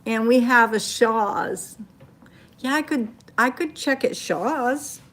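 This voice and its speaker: Speaking slowly in a fairly high, slightly bright voice, an older Maine woman with a local accent hosts a casual livestream from her phone. She tells stories in a chatty way and reads and responds to comments from viewers.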